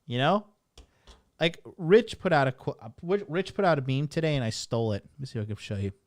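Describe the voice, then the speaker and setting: A man rants to his stream audience, loose and rambling, cursing freely and talking bluntly. His voice sits at a middling pitch and comes across dry and close, with no room sound around it. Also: dry recording. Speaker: dating coach streamer. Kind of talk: casual livestream rant.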